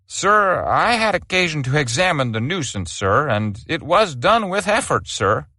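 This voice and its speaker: A man's voice: a little high, sing-song, unhurried, sharp tone, no echo, voice pushed up, full character voice. A man voicing a dutiful army sergeant giving stiff, formal testimony in an audiobook.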